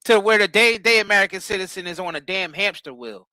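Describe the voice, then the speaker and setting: Bright high voiced dude ranting about politics, dry room, keeps repeating himself. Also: male voice, fast talker, no room sound. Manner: heated, emphatic, repeats words. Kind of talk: casual political chat.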